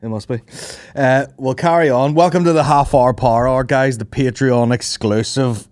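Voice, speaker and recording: A man's voice: medium pitch, steady tone, normal speed, a little mellow, no room sound, soft background music. A young man hosting a podcast, rambling through stories with lots of swearing and laughter. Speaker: podcast host. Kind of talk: casual chat.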